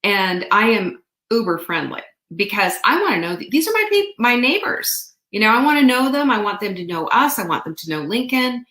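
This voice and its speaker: Woman, host, casual storytelling, chatty, animated, playful, mid pitch, roomy echo. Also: moderate pace. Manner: chatty, animated, laughs often, playful asides. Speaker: show host.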